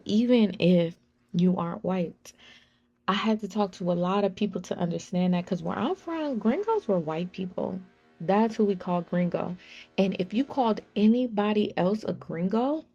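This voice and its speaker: A young woman from with a high-pitched, Valley-girl-like voice, telling stories in a casual, animated vlog monologue. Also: muffled recording. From Southern California. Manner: animated storytelling, acts out quoted voices. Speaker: vlogger.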